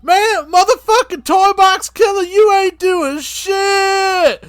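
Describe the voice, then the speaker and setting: A frantic male killer-turned-wrestler screeches and yells in a strained, high voice. The voice is bright and cutting, and the sound is close and dry. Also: slow, dry recording, full character voice. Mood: hyped. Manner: yelling, high-pitched, strained. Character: wild shouting male serial-killer wrestler, hyped.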